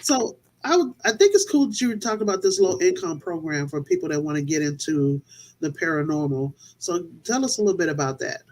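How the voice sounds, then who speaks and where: A woman's voice: on the low side, animated, fairly quick, darkish tone, rough recording. A woman hosting a casual interview show, chatty and storytelling, easy to laugh. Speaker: podcast host.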